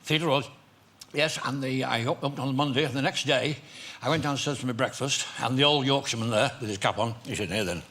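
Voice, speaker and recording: A man's voice: mid-range voice, fast. An older man with a Liverpool accent, a comedian telling jokey anecdotes as a chat show guest, laughing and slipping into voices. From England. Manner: jokey, animated, breaks into laughter, does voices in his stories.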